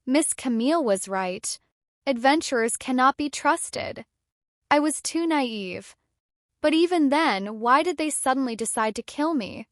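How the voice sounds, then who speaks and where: A woman's voice: high-pitched, lively intonation, unhurried, dry recording. Betrayed young guy, dazed then bitter, dry close sound , woman reading him. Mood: angry. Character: young male student turned fighter, betrayed.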